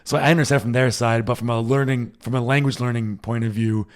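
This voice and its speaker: A man from the United States talking as a podcast guest in quick, agreeable chatter. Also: medium pitch, steady tone. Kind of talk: casual podcast chat.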